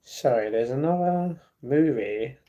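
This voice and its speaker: A man's voice: mid-range voice, expressive, unhurried, warm tone, dull audio. A young man from England chatting casually on a livestream, reading out comments and answering them, often repeating his phrases. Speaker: live streamer.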